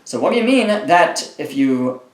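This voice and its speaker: A man's voice: on the high side, sing-song, moderate pace, reverberant. A man teaching a daily Talmud page. He reads each phrase aloud, then translates and explains it, often restarting his sentences.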